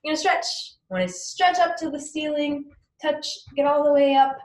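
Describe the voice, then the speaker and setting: Lively encouraging woman teaching. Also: fairly high pitch, normal speed, a little hiss or hum. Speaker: teaching artist. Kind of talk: guided lesson for kids at home.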